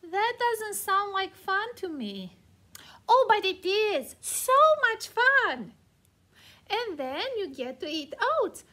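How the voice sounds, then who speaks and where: A prim, vain storybook horse with a fussy, slightly superior way of talking, as a woman reading aloud puts it on. Its lines come high and slow, drawn out with care. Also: very animated, sharp tone, full character voice. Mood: cheerful.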